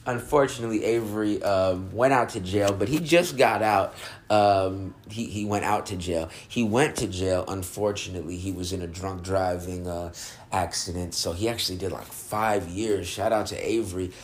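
A man's voice: low-pitched, normal speed, a little hiss or hum. A man hosting a casual podcast, stoned and laid-back, rambling and laughing often as he talks about music. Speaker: podcast host reviewing music. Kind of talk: casual chat.

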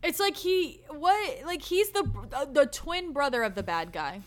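A woman co-hosting a casual movie discussion, ranting in an animated, exasperated way with lots of "like". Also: sits high, unhurried. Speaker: podcast co-host. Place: recorded live.

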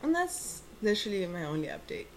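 A young woman in her twenties telling a story in casual chat, animated and laughing often. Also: medium pitch, brisk, a little hiss or hum.

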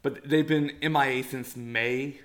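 A young man hosts a casual podcast with a bright, forceful voice. His talk is loose and full of fillers, and he swears and laughs easily. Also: medium pitch, steady tone, unhurried. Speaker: podcast host. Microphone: one shared mic among three.

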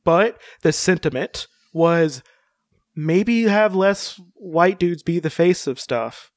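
A man's voice: sits high, expressive, takes it slowly, no room sound, clean studio sound. A man chatting casually as a podcast co-host, rambling with many fillers and restarts and joking around. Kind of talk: casual chat.

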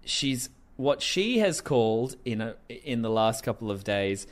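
A man hosts a casual commentary show in a loose, profane style, laughing between thoughts. His mid-range voice swings widely in pitch as he tells the story. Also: measured pace. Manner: animated, swearing, laughing often. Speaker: podcast host.

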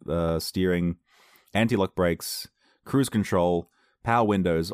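A man's voice: sits low, no room sound, studio quality. A man chatting casually to his viewers, rambling through a story, repeating words and laughing easily. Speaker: vlogger.

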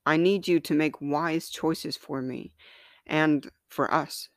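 Firm patient body figure, coaxing reassuring tone, slow steady delivery, dry sound, storybook reading, woman doing it. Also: sits low, no echo.

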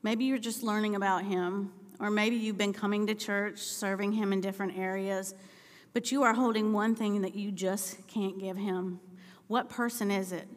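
A woman preaching a sermon in a church, telling personal stories and building to impassioned, shouted appeals. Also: medium pitch, fairly even intonation, normal speed, big-room sound. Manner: storytelling, rising to impassioned shouting. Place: church sanctuary.

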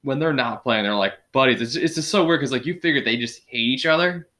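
Laid-back podcast host, man. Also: quick pace. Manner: animated, does high-pitched impressions when quoting. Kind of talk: casual chat with friends.

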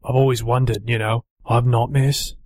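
Troubled clone veteran, voiced by a man, halting delivery, dry recording. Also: medium pitch, level tone, a little mellow, no room sound, close to an everyday voice. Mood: haunted. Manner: hesitant, halting. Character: haunted male clone ex-soldier working as bellhop. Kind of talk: character voice in tabletop play.

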